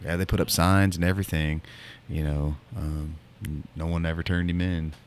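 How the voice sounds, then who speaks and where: A man with a very low voice tells a story in a loose, casual way. He rambles with plenty of fillers and false starts, circling back before he gets to the point, like a co-host chatting on a podcast. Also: level tone, moderate pace, slight background noise. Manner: rambling, lots of fillers and restarts.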